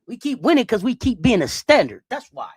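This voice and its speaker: A woman's voice: on the high side, wildly swooping pitch, brisk, a little mellow, breathy edge, no echo. A woman hosting a sports talk stream, ranting heatedly to her viewers with lots of swearing and repeated phrases. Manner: profane, heated, repetitive ranting; addresses viewers directly and often. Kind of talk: live-chat sports rant.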